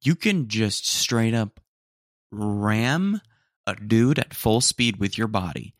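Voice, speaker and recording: A man's voice: lowish voice, big pitch swings, takes it slowly, dry recording, studio quality. A young man hosting a casual solo podcast, rambling in slangy, mock-indignant asides and saying "dude" again and again. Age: young adult. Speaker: podcast host. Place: room at home, roommates nearby.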